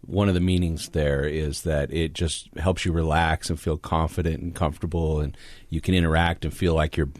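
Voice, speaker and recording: Podcast co-host guy explaining things calmly, deep voice, dry mic sound. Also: moderate pace, no echo. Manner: calm, explanatory. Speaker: podcast co-host and anxiety coach. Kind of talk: interview conversation.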